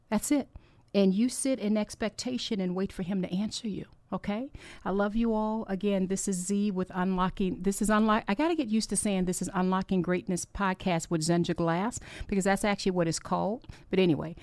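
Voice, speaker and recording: A woman's voice: on the low side, fairly quick, a little mellow, dry recording. A woman hosting a podcast, giving a heartfelt, encouraging faith talk with personal stories that ramble and restart. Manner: earnest, heartfelt, exhorting. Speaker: podcast host.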